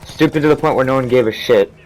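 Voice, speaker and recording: A man's voice: medium pitch, fast, darkish tone, rough recording. A young man telling a storytime in a profane, rambling, angry rant, swearing constantly and restarting his sentences. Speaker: vlogger.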